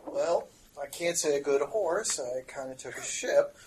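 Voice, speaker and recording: A man's voice: on the high side, expressive, a little slow. Guy chatting in character at a game table, laughs a lot, hiss in the background. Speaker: tabletop player. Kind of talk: casual in-character role-play.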